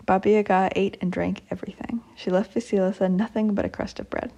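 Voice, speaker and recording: A woman reading a folk tale aloud as storyteller, with a measured, steady manner. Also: medium pitch, vocal fry.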